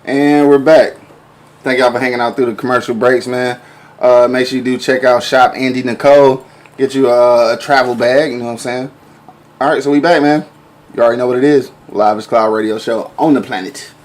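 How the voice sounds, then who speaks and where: A man hosting a live podcast chat. He is excitable and slangy and quick to laugh. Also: medium pitch. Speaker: host.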